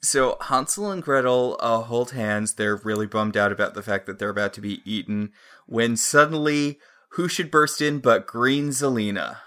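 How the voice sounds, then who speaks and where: A co-host of a casual recap chat, speaking in a bright, crisp tone. The talk rambles and drifts off on side tangents. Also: mid-range voice, moderate pace. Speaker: podcast co-host.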